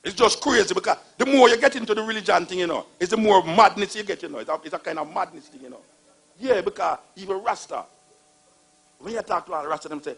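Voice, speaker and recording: Older jamaican guy telling stories all mocking, raspy voice kinda high. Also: fast talker, a bit bright. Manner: mocking storytelling, acts out quoted figures. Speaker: speaker on religion. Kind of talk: informal talk.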